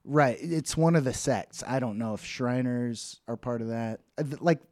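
A man in a loose podcast chat, his voice mid-pitched and recorded close and dry with no room sound. He wanders through his thoughts, breaks off mid-word to start over, and keeps laughing. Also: moderate pace, a little mellow, dry recording. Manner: rambling, laughs often, trails off and restarts. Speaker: podcast co-host. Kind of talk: casual chat.

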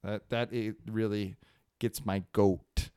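A man from Northern California co-hosts a casual comedy podcast, riffing with a friend. His voice is smooth and resonant, recorded close and dry with no room sound. He breaks into loud, exaggerated impressions now and then. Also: on the low side, flat delivery, takes it slowly, no echo. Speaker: podcast co-host.

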